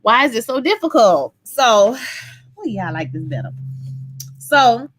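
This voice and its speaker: A chatty woman recapping a TV episode in her own casual voice. She is animated, jumps into little asides, and swears freely as she goes. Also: a little high, measured pace, a little hiss or hum. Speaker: TV episode reviewer.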